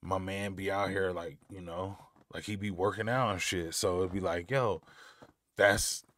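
A man's voice: sits low, fairly even intonation, moderate pace, a bit bright. An American man hosting a music reaction video, talking loosely in slang, swearing freely and breaking into amazed exclamations. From United States. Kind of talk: casual music reaction commentary.

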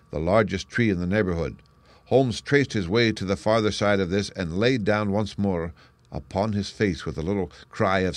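A man narrating an audiobook story in a steady, measured reading. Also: low voice, no echo.

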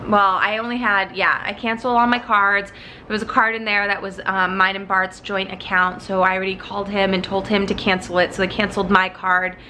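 A young woman telling a story to her phone camera at home in a chatty, animated vlog style. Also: medium pitch, fairly quick, a little hiss or hum. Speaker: vlogger. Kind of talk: casual vlog chat. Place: home apartment.

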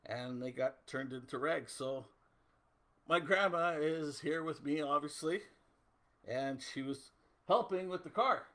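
A man's voice: on the high side, measured pace, sharp tone. A middle-aged man from Canada hosting a casual livestream, chatting loosely and answering viewer comments. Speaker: host.

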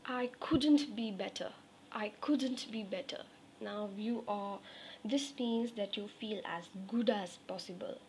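A woman teaching English phrases, repeating each example slowly and checking in with her students. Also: medium pitch, a little mellow, a little hiss or hum. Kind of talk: spoken English lesson.

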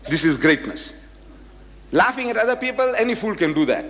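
In an echoey hall, a man with a high voice and a fairly quick pace gives a public lecture. He's an animated storyteller, sharing anecdotes and acting out the quoted lines.

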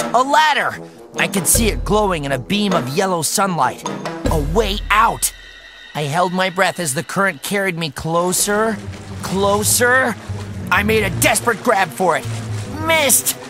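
A man's voice: sits high, pitched above the performer's own voice. A man doing a panicky young boy. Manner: breathless, frantic, cries out. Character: frantic panicky boy narrator Robby.

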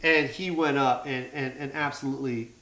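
A man, a stand-up comedian, telling animated stories in casual podcast chat, acting out quotes with plenty of swearing. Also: medium pitch, moderate pace. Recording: echoey room.

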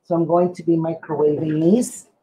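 A woman's voice: deep voice, little pitch movement, normal speed, mellow, husky. A woman crafting vlogger chatting casually to the camera as she works, often muttering to herself in exasperation.

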